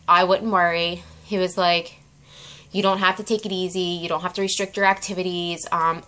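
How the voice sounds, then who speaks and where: A woman's voice: lowish voice, pushed and bright. A young woman talking casually in a home vlog at night, chatty with many fillers, tired and out of breath. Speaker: vlogger.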